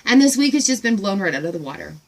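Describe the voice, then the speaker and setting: A woman in a casual gratitude vlog from home, talking in an excited, rambling way with lots of fillers. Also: medium pitch, racing. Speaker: vlogger.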